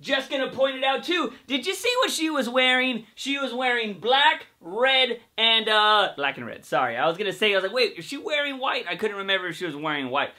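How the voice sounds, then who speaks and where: Brief: young male vlogger, high and very bright voice, excitable and rambling casual commentary. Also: brisk, hardly any pauses. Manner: excitable, rambling, says "freaking" a lot. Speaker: TV show recap vlogger. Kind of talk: casual fan commentary to camera.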